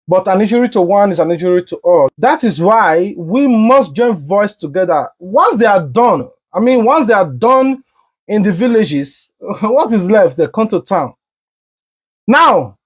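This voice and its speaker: A man hosting a commentary vlog, speaking earnestly and addressing his viewers directly. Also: high-pitched. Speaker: vlog host. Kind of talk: commentary to camera.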